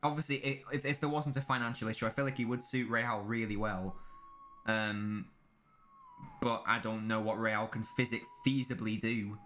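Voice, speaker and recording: A man's voice: lowish voice, fairly even intonation, moderate pace, fairly bright tone, slight background noise. A young man streaming a live football watchalong, chatting casually with his viewers and swearing freely. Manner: casual banter with chat, swearing. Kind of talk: live match watchalong commentary.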